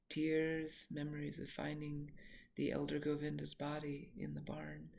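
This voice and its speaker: A woman reading her own memoir aloud in a reflective, halting way, sometimes correcting herself mid-sentence. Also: deep voice, little pitch movement, gravelly.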